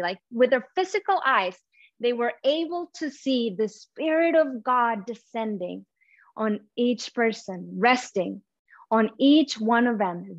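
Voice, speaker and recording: A woman preaching in English, which is not her first language, her voice a little high and earnest. She speaks from the heart, pausing and restarting as she reaches for words. The sound is close and dry but a bit muffled. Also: no room sound. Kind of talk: sermon.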